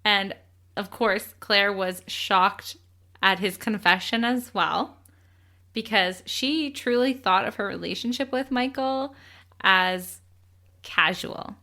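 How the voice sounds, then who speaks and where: A young woman co-hosts a laid-back true crime podcast, telling the story in a chatty way, laughing easily and swearing casually. Her voice is medium-pitched with a sharp tone.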